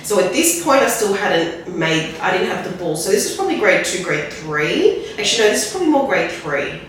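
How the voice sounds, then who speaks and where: A woman's voice: mid-range voice, very animated. Woman telling a painful story in an echoey room. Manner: rambling, tag questions like "right?"; halting, restarts when emotional. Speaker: podcast guest. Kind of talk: candid personal storytelling. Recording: very echoey room, distant mic, faint noise.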